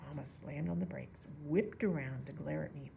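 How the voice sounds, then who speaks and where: Woman reading a children's novel aloud, relaxed, low, gravelly, faint background noise. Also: normal speed. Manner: relaxed, with casual asides to listeners. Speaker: reader.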